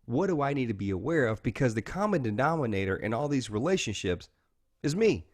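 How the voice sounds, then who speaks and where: A man's voice: mid-range voice, very animated, a little fast. A man, talking earnestly and openly as an interview guest, often saying "man" and "you know". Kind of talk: candid interview talk.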